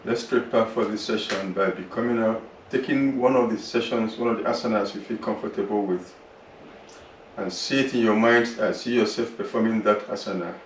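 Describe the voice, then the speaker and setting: A man with a lowish voice leads a yoga class through a slow body scan and breathing work, soothing and unhurried. He sounds roomy and set back from the mic, with a faint hiss underneath. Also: fairly even intonation, recorded from a distance. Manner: slow, soothing, drawn-out guidance. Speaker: yoga teacher. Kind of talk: guided relaxation and yoga instruction.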